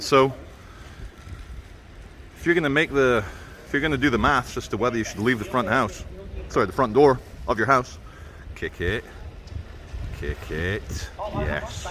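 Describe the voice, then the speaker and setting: A man's voice: mid-range voice, a bit bright, slight background noise. Wry middle-aged man, walking city commentary. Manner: wry, sarcastic running remarks. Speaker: vlogger. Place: outdoors on city streets.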